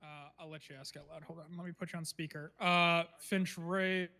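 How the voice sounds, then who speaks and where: A man chatting casually in a game roleplay, relaxed and joking with loose fillers. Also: a little high, brisk. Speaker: roleplay player.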